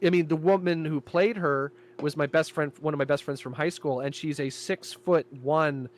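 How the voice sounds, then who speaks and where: Animated man telling a story. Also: fairly high pitch, normal speed. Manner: animated storytelling, acts out quoted lines. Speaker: guest, creator and director of an audio show. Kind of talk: casual chat.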